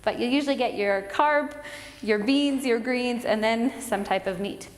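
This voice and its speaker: A woman giving a casual language lesson, explaining in a relaxed way and repeating words slowly. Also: on the high side. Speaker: language teacher. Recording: echoey roomy sound with long reverb.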